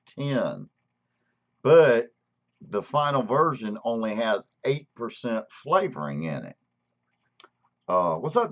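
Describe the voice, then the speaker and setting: A man from Alabama with a Southern accent, hosting a casual livestream and greeting viewers by name as he talks, stretching out words for emphasis. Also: fairly low pitch. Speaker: channel host. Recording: dull lo-fi stream audio.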